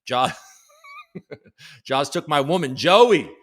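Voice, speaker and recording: A man's voice: fairly high pitch, animated, extremely slow, a bit bright. A man hosting a casual live stream, joking around and greeting viewers in the chat by name. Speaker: livestream show host.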